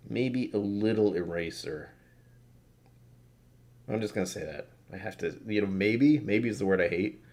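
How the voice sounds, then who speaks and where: Sleepy guy rambling about whisky smells, kinda low voice, swears a bit. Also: moderate pace, long pauses, a little mellow. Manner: rambling, self-deprecating, swears casually. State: tired from poor sleep. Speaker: whisky reviewer. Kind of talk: casual tasting notes to camera.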